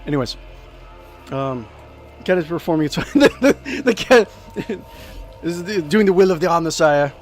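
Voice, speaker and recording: A man giving casual let's play commentary, playful and chatty, thinking out loud and adding little sound effects as he plays. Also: high-pitched, expressive, normal speed, soft background music. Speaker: gameplay commentator.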